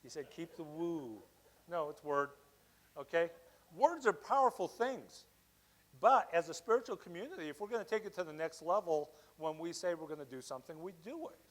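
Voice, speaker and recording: A man giving a Sunday talk at a spiritual center, lively and conversational, often checking in with "okay?". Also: on the high side, fairly quick, low-quality recording. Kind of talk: sermon.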